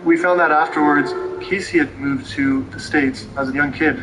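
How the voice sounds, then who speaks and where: A man's voice: a little high, steady tone, normal speed, few pauses, background noise. A man, a police officer, describing a case plainly in a documentary interview, with frequent "kind of" hedges.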